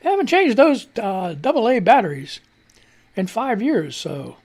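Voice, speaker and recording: A man's voice: sits high, wildly swooping pitch, measured pace, creaky, darkish tone. A man from Missouri hosting a live radio show in a casual, rambling way, reading social media posts, laughing often and swearing freely.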